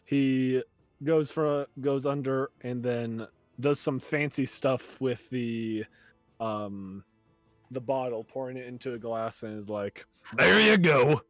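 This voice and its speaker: A man narrating a tabletop game as game master, relaxed and hesitant, with fillers. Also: mid-range voice, slow pace, faint music behind.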